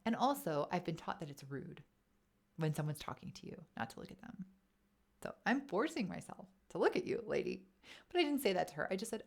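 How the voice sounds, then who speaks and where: A woman casually telling a personal story to camera in a vlog, chatty and animated, acting out quoted thoughts. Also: on the low side, fairly quick, gravelly. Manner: chatty, animated, acts out quoted inner voices. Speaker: wellness vlogger.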